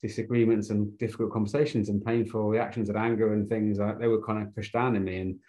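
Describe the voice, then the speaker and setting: Calm, low-voiced male moderator. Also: quick pace. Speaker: host, event moderator.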